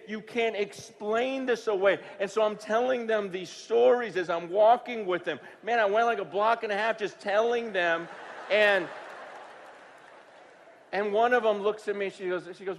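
A man preaching a sermon, telling a story in a conversational way that swings from hushed to sudden loud bursts. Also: high-pitched, moderate pace, long reverb tail, some chatter behind, a little hiss or hum. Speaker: pastor.

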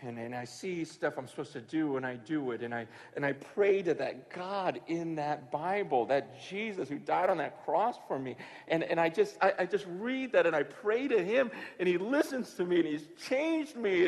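A man preaching a sermon, telling a story in a conversational way that swings from hushed to sudden loud bursts. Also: high-pitched, lively intonation, moderate pace, few pauses, big-room sound. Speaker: pastor.

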